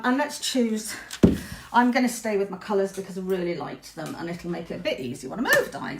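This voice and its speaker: A middle-aged woman teaches a live craft workshop from her home studio, her fairly high voice swooping up and down as she chats. She rambles into self-mocking jokes, and a faint hiss sits under the recording. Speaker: textile art teacher.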